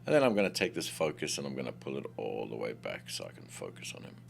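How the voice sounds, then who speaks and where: A man giving a casual screen-recorded software tutorial, excitable and talking to himself with playful swearing. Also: a bass voice, fast, vocal fry, slight background noise.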